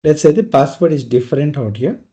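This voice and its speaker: A man's voice: on the high side, brisk, dark tone. A male trainer giving a live technical lecture, explaining step by step and often checking in with "right?".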